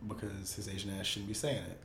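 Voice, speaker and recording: A man's voice: on the low side, level tone, quick pace, gravelly, a bit bright, roomy sound, a little hiss or hum. A man in a casual chat, arguing his point with a lot of profanity and some laughter.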